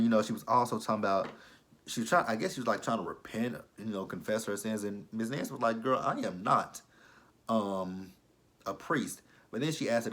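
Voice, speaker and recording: Low-voiced male vlogger, casual and blunt. He recaps episodes with swearing and disbelieving asides. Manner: blunt, profane, incredulous asides. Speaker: TV episode reviewer.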